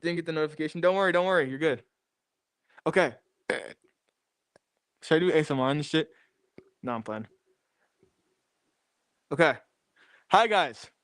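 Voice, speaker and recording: Young male streamer, restless and repetitive; high-ish voice, smooth and clean on a dry close mic. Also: a bit bright, no room sound. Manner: restless, repeats phrases while fiddling with gear. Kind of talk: casual livestream chat. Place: home garage. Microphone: new desk microphone.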